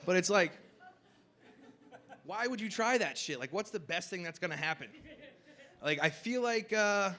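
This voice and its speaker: High, bright-voiced young stand-up comedian. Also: male voice, expressive, normal speed, long pauses. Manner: loose, rambling delivery full of "like"; shouts over the crowd at times. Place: comedy festival stage with live audience.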